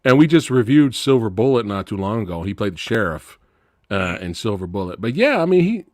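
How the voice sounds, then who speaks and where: A man hosting a casual live movie review, telling stories with lively delivery and acting out the voices of people in them. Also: fairly low pitch, fairly quick, no room sound, clean studio sound. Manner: animated storyteller, acts out voices, laughs loudly. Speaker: podcast host.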